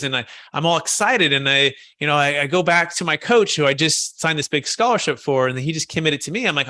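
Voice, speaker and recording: A man hosting a podcast conversation, telling stories in an animated way and acting out the voices he quotes. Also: on the high side, fast talker, few pauses, dry recording. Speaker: host.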